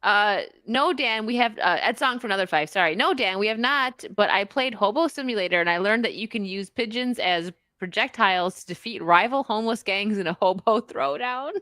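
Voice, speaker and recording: A woman's voice: mid-range voice, lively intonation, brisk, few pauses, sharp tone, no room sound. A woman hosting a casual live-stream chat, reading out donations and laughing often. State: tired. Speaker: stream host.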